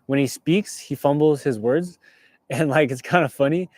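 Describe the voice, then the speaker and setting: A man's voice: fairly high pitch, normal speed, dry recording. Laid-back young man, dry close sound. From California. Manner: laid-back, reading viewer comments aloud. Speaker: livestream host. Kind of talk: casual livestream chat. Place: inside a parked car. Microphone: clip-on mic.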